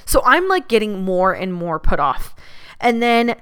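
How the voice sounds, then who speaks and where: A woman's voice: medium pitch, big pitch swings, measured pace, fairly bright tone, clean tone. A young woman casually telling a personal story, chatty, with lots of "like" and laughter. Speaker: podcast host.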